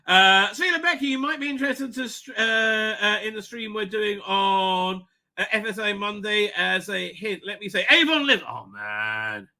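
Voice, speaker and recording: Middle-aged man hosting a livestream, rambling and chatty, with a fairly high and very bright voice. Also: normal speed. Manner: rambling, chatty, many fillers and restarts. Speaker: livestream host. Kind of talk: casual livestream chat. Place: home office.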